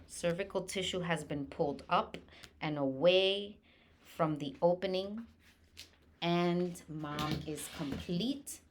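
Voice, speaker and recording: A woman who attends births, teaching the stages of labor in an earnest, reassuring way and often checking in with "okay?". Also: on the low side. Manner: earnest, reassuring, repeats key points with "okay?". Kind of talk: teaching talk on childbirth.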